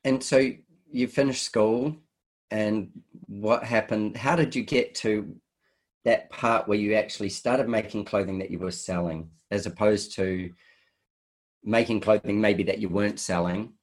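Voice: mid-range voice, steady tone, measured pace. An interview host asking a designer about her career, prompting with enthusiastic asides. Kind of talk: casual interview.

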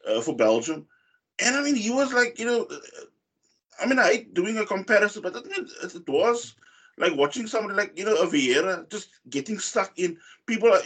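Rambling football-chat man, slightly high. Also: husky. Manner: rambling, many fillers and restarts. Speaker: football podcast co-host.

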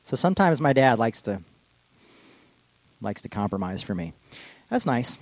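A man preaching a casual, rambling sermon that slows for solemn readings. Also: medium pitch, very animated, a little mellow, dry recording, low-quality recording. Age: adult with children. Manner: casual and digressive, slows down for quotations. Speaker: pastor. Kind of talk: informal sermon.

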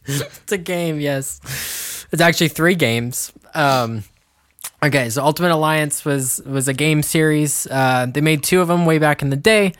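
A man's voice: fairly high pitch, unhurried, a bit bright, dry recording, studio quality. A man hosting a casual chat who laughs often and explains things at length. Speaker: podcast host.

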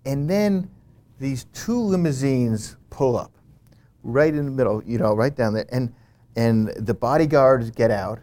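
A man's voice: medium pitch, unhurried. A man as an interview guest, telling a story animatedly with many fillers and restarts. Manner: animated, frequent "you know" fillers and restarts. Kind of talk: conversational storytelling.

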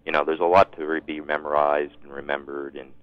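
A young man calls in to a radio show with an extremely deep voice. He speaks in a measured, serious, slightly halting way. The sound is a muffled radio phone-in. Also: flat delivery, clean tone, no echo. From the Bronx, New York. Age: young adult. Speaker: caller.

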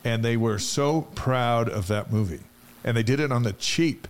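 A man's voice: medium pitch, normal speed, a little hiss or hum. A man co-hosting a sports podcast, telling easygoing anecdotes in casual chat. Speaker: podcast co-host.

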